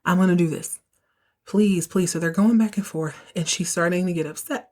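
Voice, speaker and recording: Lady podcaster recapping a soap, lowish voice, gets all worked up telling it. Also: moderate pace. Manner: animated, emotional storytelling with quoted dialogue. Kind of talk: casual recap chat.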